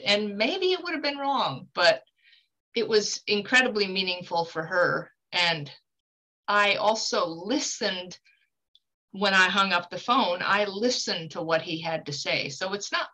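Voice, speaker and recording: Woman, guest medium, bright voice, earnest and animated, mid-pitch. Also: rough recording. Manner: earnest, animated storyteller with emphatic pitch swings. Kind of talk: conversational teaching talk.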